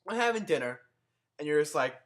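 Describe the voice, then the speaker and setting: A young man ranting sarcastically into his own camera in a comedic vlog, animated and given to swearing. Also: a little high, fairly quick. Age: young adult. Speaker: vlogger.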